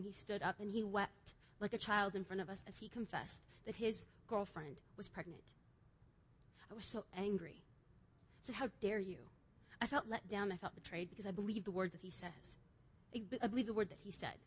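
High-voiced woman preaching an emphatic youth sermon. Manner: emphatic, swings from loud exhortation to quiet confession. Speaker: youth speaker. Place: church youth service before a crowd.

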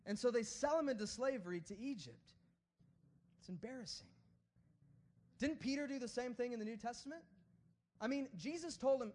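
A male preacher with a notably high, light voice delivers his sermon in a casual, animated way. He swings from playful asides to hushed, earnest pleas without ever turning formal. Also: moderate pace, pauses often.

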